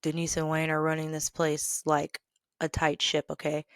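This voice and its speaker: A woman hosting a podcast, telling a workplace story in an animated, exasperated way and laughing now and then. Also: low voice, normal speed, no echo, studio quality. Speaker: podcast host. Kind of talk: storytelling rant.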